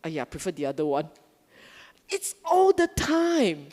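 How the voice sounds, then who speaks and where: A woman with a Singaporean English accent giving a Buddhist dharma talk, animated and often asking her audience questions. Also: fairly low pitch, moderate pace, big-room sound. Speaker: Dhamma speaker. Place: Buddhist centre hall.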